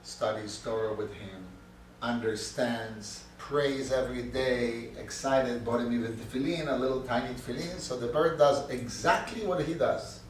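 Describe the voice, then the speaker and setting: A male instructor telling a parable to his class in halting, animated phrases. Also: medium pitch. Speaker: course instructor. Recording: echoey room, mic far off, faint noise.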